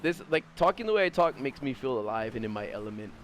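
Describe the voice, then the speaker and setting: Lively, profane young male streamer. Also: mid-range voice, quick pace, slight background noise. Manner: blunt, profane, rambling with many fillers. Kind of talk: casual livestream chat.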